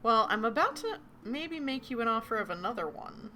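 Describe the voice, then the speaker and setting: A woman's voice: on the high side, very animated, fairly quick, bright, forceful tone, slight background noise. A woman facilitating a tabletop role-playing game, chatty and full of fillers. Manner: chatty, many ums and likes, giggly.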